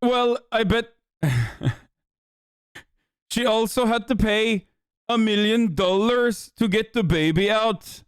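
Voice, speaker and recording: A man's voice: high voice, takes it slowly, pauses often, clean tone, no room sound. A young man streaming, riffing sarcastically and swearing a lot while reacting to videos. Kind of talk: casual stream commentary.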